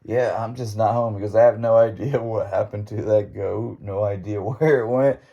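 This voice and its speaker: A man's voice: lowish voice, fairly even intonation, normal speed, vocal fry, dark tone, highs cut off. A man hosting a podcast, telling a story in an impromptu monologue, rambling along and laughing as he goes. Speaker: podcast host.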